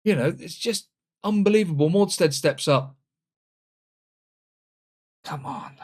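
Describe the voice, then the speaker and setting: A man commenting on his own football management game, swinging between loud exclamations and muttered asides. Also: high-pitched, moderate pace. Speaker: gaming channel host. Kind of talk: let's-play commentary.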